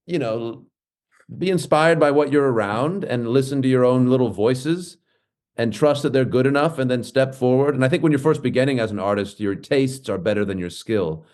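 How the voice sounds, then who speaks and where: A man in his forties talks as a podcast guest, a comedian who tells stories with lively energy. He swears freely and slips into acted-out voices as he goes. His pitch sits in the middle range. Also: moderate pace. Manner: animated storyteller who swears freely and acts out quotes. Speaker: guest comedian and clown performer. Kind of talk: casual podcast chat.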